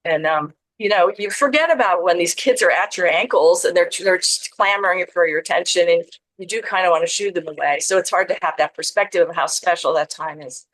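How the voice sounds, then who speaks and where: A woman in her fifties speaks as an interview guest in a slightly low voice. She is earnest and reflective, and her voice is recorded dry and close. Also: brisk, fairly bright tone, no room sound, low-quality recording. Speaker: guest author. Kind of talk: casual interview chat.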